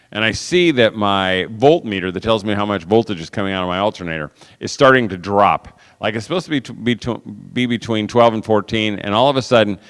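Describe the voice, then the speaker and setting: Animated man speaking in a big hall. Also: mid-range voice, clear, resonant tone. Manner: animated, laughing, acting out voices and sounds. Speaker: conference speaker. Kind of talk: storytelling talk to a live audience. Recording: long hall reverb.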